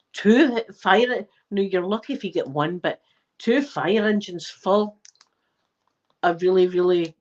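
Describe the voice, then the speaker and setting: Breathless chatty older Scottish woman. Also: mid-range voice. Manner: chatty, cheeky storyteller. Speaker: channel host. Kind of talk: casual chat. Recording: slightly dull lo-fi recording.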